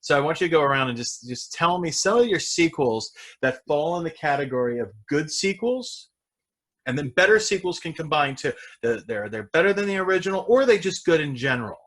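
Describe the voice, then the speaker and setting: Man, podcast host, casual chat, wry jokes, bright voice. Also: fairly high pitch, expressive, a little fast. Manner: wry, joking, rambling.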